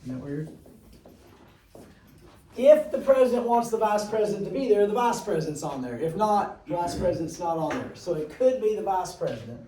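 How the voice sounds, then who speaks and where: A man's voice: sits high, lively intonation, moderate pace, mellow, roomy sound, recorded from a distance, a little hiss or hum, poor audio. A man teaching a class, chatty and rambling, with jokey asides to his students. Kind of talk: classroom lecture.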